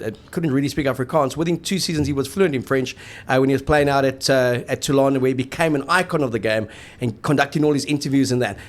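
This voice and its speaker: A man co-hosting a rugby show, chatting casually and wryly and tagging his sentences with "eh". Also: mid-range voice. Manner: chatty, tags sentences with "eh", wry. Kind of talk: casual sports chat.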